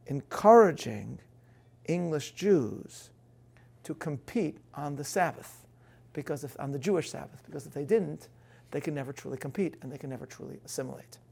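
A man with a gravelly edge to his voice delivers a prepared talk to a live audience. His pitch sits a little high for a man, and he speaks earnestly, building emphasis as he goes. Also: dark tone. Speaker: speaker giving a talk on faith.

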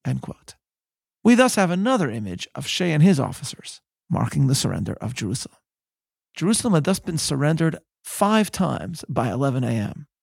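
A man narrating a scripted history podcast in a measured storytelling manner. His voice is somewhat high for a man and has a gravelly, husky grain. The recording is close and dry. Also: very animated, darkish tone, no room sound. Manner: measured, storytelling, reads quotes aloud. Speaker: podcast host.

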